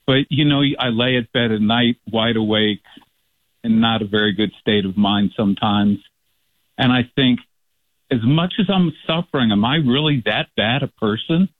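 A man's voice: medium pitch, moderate pace, no room sound. A man from California calling in to a radio show, speaking earnestly and searchingly. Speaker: caller. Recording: tinny phone line.

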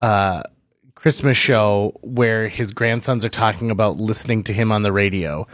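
A man's voice: fairly low pitch, moderate pace. A man co-hosts a radio show, chatty and enthusiastic, stumbling and restarting his sentences. The studio is dry with no echo, and the sound is slightly muffled. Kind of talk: casual radio conversation.

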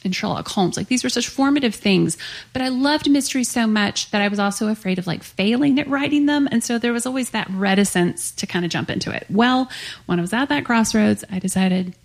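A woman's voice: a little high, a little fast, creaky. A woman author in her thirties, chatting animatedly in an interview, filling with frequent "like"s. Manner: chatty, animated, lots of "like" fillers. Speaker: author guest. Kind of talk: casual interview chat.

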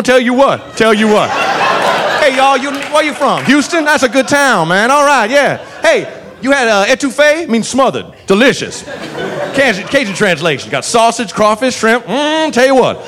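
A man's voice: sits high, animated, normal speed, crowd noise. A man voicing a huge, cheerful, unflappable southern policeman with folksy, friendly patter. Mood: jovial. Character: big jovial southern male cop, unflappable.

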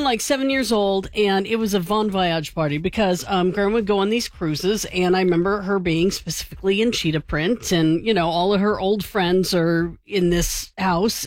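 A woman co-hosting a morning radio show, chatty and quick to laugh as she tells a story. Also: mid-range voice. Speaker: radio co-host.

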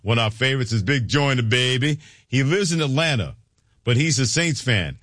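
A man's voice: mid-range voice, animated, brisk, fairly bright tone, no echo, clean studio sound. A male radio host running a sports talk show, upbeat and reading promos and phone numbers.

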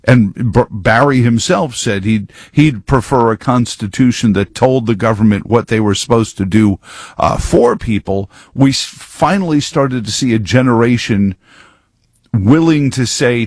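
A man's voice: mid-range voice, a little slow, a little mellow, no room sound. A man giving rambling, sarcastic political commentary full of wordplay.

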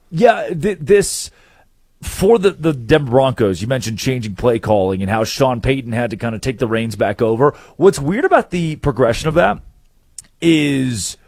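A man's voice: mid-range voice, a little mellow, no echo, studio quality. A man hosting a sports talk show, chatty and steering the segment, tossing questions to his co-host. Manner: chatty, leads the segment, quotes people in a mock voice.

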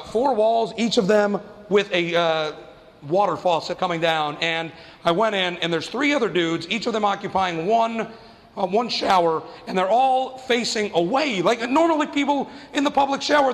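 A man's voice: sits high, moderate pace, a bit bright. A young man doing stand-up, telling a story in a conversational, self-mocking way with lots of fillers, on a comedy club stage. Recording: long hall reverb, faint noise.

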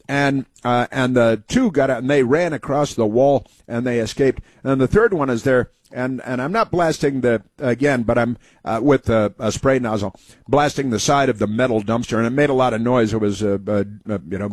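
A man's voice: medium pitch, moderate pace, no room sound. A man hosting a casual talk show, rambling through anecdotes and mocking political commentary. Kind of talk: casual talk radio monologue.

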